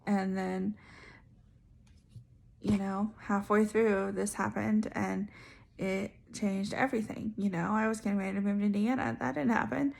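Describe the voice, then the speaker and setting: A woman's voice: mid-range voice, fairly even intonation, a little slow, gravelly, darkish tone. A young woman telling a personal story in a chatty way, with many fillers and asides. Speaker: vlogger sharing her story. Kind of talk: casual storytelling.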